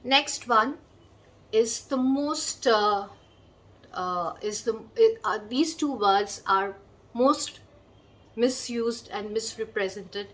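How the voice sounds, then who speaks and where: A woman's voice: fairly high pitch, a bit bright, rough recording. A woman teaching a vocabulary lesson, spelling out words letter by letter and giving examples. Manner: explains slowly, spells out letters, gives examples. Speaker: English teacher.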